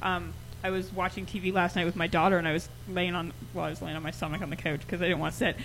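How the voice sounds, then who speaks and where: A woman's voice: lowish voice, level tone, fast talker, fairly bright tone, faint music behind, rough recording. A woman co-hosting a casual chat show, telling stories in a giggly, self-deprecating way. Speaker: podcast co-host.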